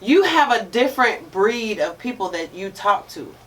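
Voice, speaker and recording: A woman co-hosting a podcast in casual chat. She chimes in with short remarks and gently pushes back. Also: medium pitch, big pitch swings, moderate pace. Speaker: podcast co-host. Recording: distant voice with faint background noise.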